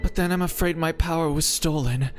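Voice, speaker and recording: A man voicing a calm adult woman servant from a game, in a breathy, measured voice. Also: a little high, faint music behind, lightly acted. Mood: cool.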